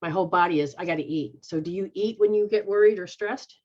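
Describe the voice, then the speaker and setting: A woman's voice: mid-range voice, fast, a little mellow. A woman healer guiding someone through a healing session, repeating a chant-like refrain and speaking directly to them. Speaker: spiritual healer. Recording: dull lo-fi recording.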